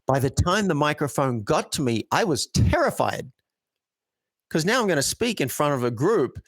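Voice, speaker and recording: An earnest man speaking as a coaching guest, walking through stories and acting out how he would phrase things. His voice sits in a middling pitch. The sound is close and dry. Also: very animated, normal speed, fairly bright tone, no room sound. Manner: earnest, storytelling, acts out example phrasings. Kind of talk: conversational interview.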